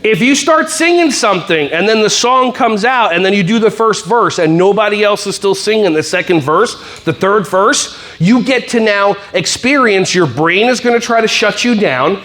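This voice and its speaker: Animated and a bit bright, this high-voiced man entertains and motivates school staff at a wellness workshop. He teases the crowd playfully and mimics kids and teachers in rapid-fire voices.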